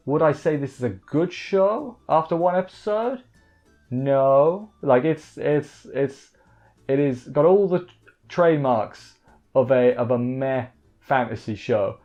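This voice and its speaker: Through a dull lo-fi mic with faint music, a man reviewing anime recaps an episode in a casual, wandering way, wry and heavy on fillers and restarts. His voice is medium-pitched and a little mellow.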